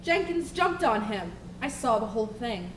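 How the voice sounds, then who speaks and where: A woman playing a gruff, barking petty officer. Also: on the high side, sing-song, moderate pace. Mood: reporting. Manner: barking threats. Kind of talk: live college stage play. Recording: roomy stage, distant mic, noise.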